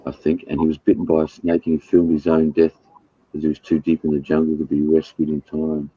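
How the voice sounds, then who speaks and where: A man's voice: a bass voice, completely flat delivery, fairly quick, warm tone, slightly rough, dry recording, dull audio. An Australian man chatting casually, blunt and rambling, swearing freely. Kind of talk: casual chat.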